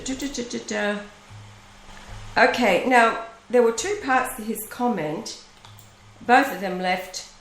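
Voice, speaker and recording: Slow, preaching woman in an echoey room. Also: mid-range voice, slight background noise. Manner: slow, emphatic preaching with long pauses. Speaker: online show host. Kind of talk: religious web show monologue.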